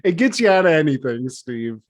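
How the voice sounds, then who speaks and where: Man, podcast co-host, slightly higher voice, loose and profane, laughs a lot while he recaps. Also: very animated, brisk. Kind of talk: casual chat recapping a cartoon episode.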